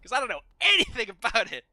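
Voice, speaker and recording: A man's voice: very high voice, pushed and bright, no room sound. A young man sick with a strained voice, casually commentating a game stream, rambling, giggling and swearing freely. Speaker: gaming streamer. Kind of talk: casual let's play commentary.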